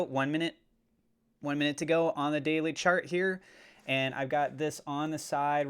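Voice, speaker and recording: A man hosting his own cryptocurrency channel, chatting casually and getting excitable as he watches prices move. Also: mid-range voice, clear, resonant tone. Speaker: crypto YouTuber. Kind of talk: casual commentary to camera.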